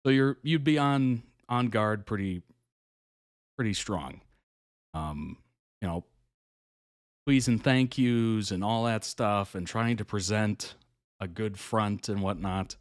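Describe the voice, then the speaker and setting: A man's voice: on the low side, takes it slowly, long pauses, no room sound, studio quality. A man hosting a reaction video, casually retelling a reality show story, chuckling often and acting out other people's lines. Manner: chatty storyteller, chuckles often, quotes people in animated voices.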